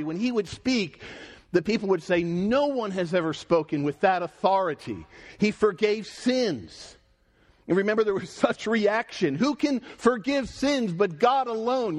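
A man preaching a sermon in an earnest, emphatic way, his voice rising and falling for emphasis. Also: high voice.

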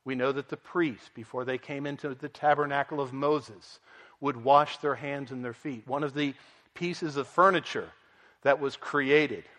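A man's voice: medium pitch, steady tone, moderate pace, a bit bright, big-room sound. A man preaching an earnest expository sermon, at times voicing the people in the story with dramatic emphasis. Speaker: pastor.

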